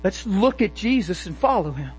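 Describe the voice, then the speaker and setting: A man preaching a sermon with fervent emphasis and quick rhetorical questions. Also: high-pitched, very animated, husky, rough recording.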